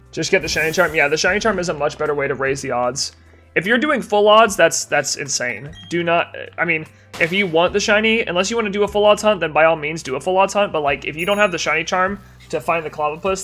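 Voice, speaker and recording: A man's voice: on the high side, a bit bright. A young man live-streaming a game, tired and yawning, chatting casually and answering chat while he plays.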